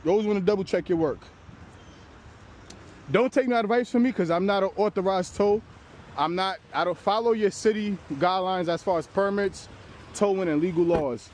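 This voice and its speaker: High-pitched and moderately paced, this towing-channel host guides viewers through hauling a car. He's breathless but relaxed, chatting to camera as he works and dropping casual swears, outdoors and inside a pickup with faint street noise.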